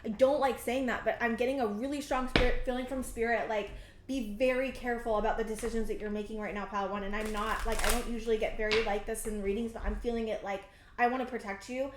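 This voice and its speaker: A woman in her thirties giving a tarot reading, talking in a halting, rambling, earnest way full of fillers and restarts, emotionally intense. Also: a little high, steady tone, reverberant, background noise. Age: 30s. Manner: emotionally intense, close to tears at times. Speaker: tarot reader. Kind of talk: pick-a-card tarot reading.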